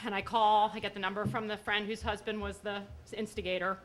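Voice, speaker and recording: A middle-aged woman telling a comic story on stage in an animated, high-strung way. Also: a little fast, a little hiss or hum. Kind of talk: live storytelling performance. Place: live stage at a story slam.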